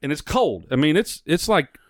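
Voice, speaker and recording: Lively, swearing man telling a story. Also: fairly high pitch, normal speed, dry recording, studio quality. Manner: animated, profane storytelling with acted quotes. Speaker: podcast co-host. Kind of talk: casual storytelling chat.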